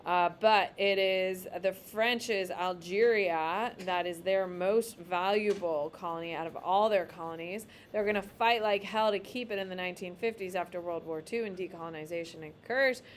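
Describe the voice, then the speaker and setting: A woman's voice: fairly low pitch, moderate pace, few pauses, slight background noise. Casual, emphatic woman teacher. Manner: casual, emphatic, talks while drawing on a map. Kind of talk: classroom lecture. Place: classroom.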